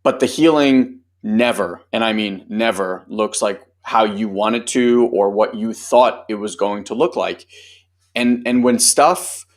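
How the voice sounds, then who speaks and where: A man with a lowish voice, speaking a little slowly, hosts a group training talk as a personal growth coach. His style is casual and loose, full of fillers and the occasional swear word, and he acts out other people's voices when quoting them.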